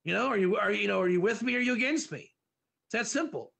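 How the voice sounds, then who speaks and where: A man teaching a class on Proverbs, animated and dramatizing his examples as he answers students by name. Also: sits high, quick pace, vocal fry. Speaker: Torah teacher.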